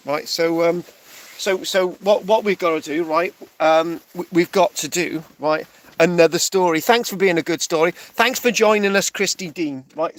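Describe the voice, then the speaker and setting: A man's voice: fairly high pitch, fairly bright tone. A man telling a rambling comic story, stopping often with "right?" and restarting his phrases. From England. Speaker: stand-up storyteller.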